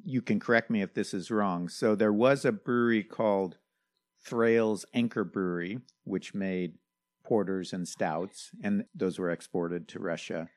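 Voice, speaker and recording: Low-voiced man asking questions. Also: steady tone, measured pace. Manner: inquisitive, checks facts with his partner. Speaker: podcast co-host. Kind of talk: casual beer chat.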